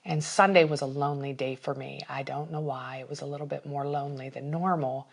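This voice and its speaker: A woman's voice: very deep voice, fairly even intonation, fairly quick, creaky, husky. A woman talking casually on a podcast, telling a personal story with lots of feeling and animation. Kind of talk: casual chat.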